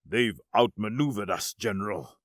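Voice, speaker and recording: A man voicing a frightened alien officer who speaks in a hushed, halting way in an audiobook. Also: lowish voice, no room sound, studio quality, voice pushed down, close to an everyday voice. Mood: shaken. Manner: hushed, faltering. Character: shaken alien male officer, fearful.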